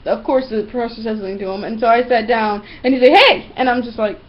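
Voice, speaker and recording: A fairly high-voiced young woman talks straight to camera from a room at home, ranting about her pet peeves in blunt, swear-heavy, animated bursts. The sound is dull and lo-fi, typical of an old webcam recording. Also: quick pace. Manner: blunt, profane, animated storytelling. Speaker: vlogger. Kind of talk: casual ranting monologue to camera.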